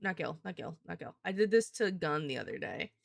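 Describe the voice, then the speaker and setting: A woman's voice: lowish voice, lively intonation, fairly quick, gravelly, dry recording, clean studio sound. A young adult woman live streamer chatting casually to her viewers, rambling and swearing, with lots of "like" fillers. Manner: rambling, profane, heavy use of "like".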